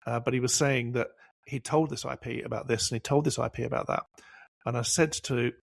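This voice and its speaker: A man's voice: medium pitch, fairly even intonation, fairly quick, gravelly, dry recording. A man hosting a professional podcast discussion, telling anecdotes and driving points home with repetition. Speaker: podcast host.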